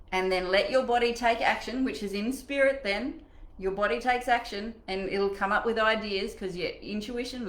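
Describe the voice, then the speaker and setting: A middle-aged woman leading a live online coaching session in a chatty, animated way, acting out the voices in her head. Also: medium pitch, reverberant, rough recording. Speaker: mindset coach.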